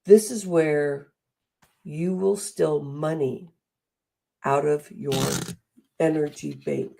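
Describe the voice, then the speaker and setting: A middle-aged woman giving a motivational talk, animated and acting out the voices she quotes. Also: low-pitched, takes it slowly, gravelly. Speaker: speaker and coach.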